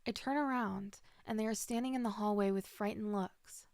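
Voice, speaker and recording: A woman's voice: medium pitch, little pitch movement, normal speed, hardly any pauses, a little mellow, no echo, studio quality. A woman narrating a dramatic first-person story with emotional delivery.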